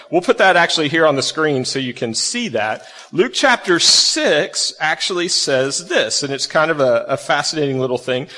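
A man's voice: on the high side, bright, forceful tone, in a large hall. A man preaching a conversational sermon, asking his listeners questions as he walks through scripture. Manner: conversational, asks the audience questions. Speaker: pastor.

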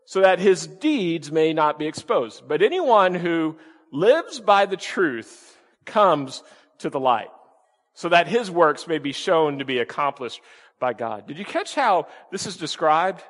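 A male pastor delivers an emphatic sermon in a slightly high voice. He keeps asking his listeners rhetorical questions and repeats his key words for weight. A long reverb trails behind every phrase, as in a large hall. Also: sing-song, a little slow, fairly bright tone.

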